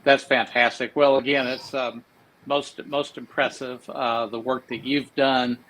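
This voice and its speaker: A man's voice: medium pitch, flat delivery, measured pace, fairly bright tone, low-quality recording. Effusive male talk-show host. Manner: effusive, rambling with fillers. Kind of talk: live interview.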